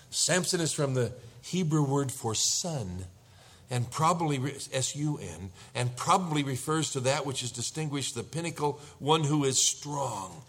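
A man's voice: mid-range voice, husky. A middle-aged man preaching a sermon as a pastor, telling the story with animation and acting out panicked husbands.

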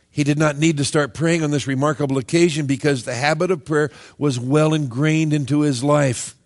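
A middle-aged man preaching a sermon, animated and joking, now and then acting out the voices of Bible figures. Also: mid-range voice. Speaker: pastor.

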